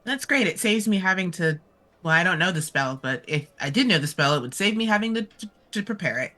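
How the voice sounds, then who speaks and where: A woman playing a tabletop role-playing game, reacting quickly with jokes. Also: lowish voice, lively intonation, sharp tone. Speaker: player. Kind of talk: casual tabletop game play.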